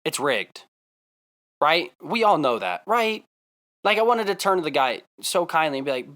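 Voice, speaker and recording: Man, casual vlog storytelling, excitable, emphatic, animated pitch. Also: moderate pace. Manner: excitable, emphatic, repeats himself. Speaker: vlogger.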